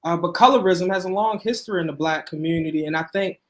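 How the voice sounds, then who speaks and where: A man giving commentary in a casual discussion, measured, repeating his points for emphasis. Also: on the high side.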